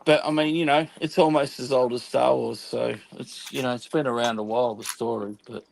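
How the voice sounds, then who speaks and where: A man's voice: mid-range voice, steady tone, fairly quick, gravelly, slight background noise, poor audio. A man chatting casually on a stream while building a model, rambling through explanations and laughing often. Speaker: guest on stream.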